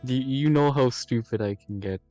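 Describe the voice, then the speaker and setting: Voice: mid-range voice, moderate pace, dark tone, faint music behind. A person joking around on a casual stream, poking fun at themselves. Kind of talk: casual chat.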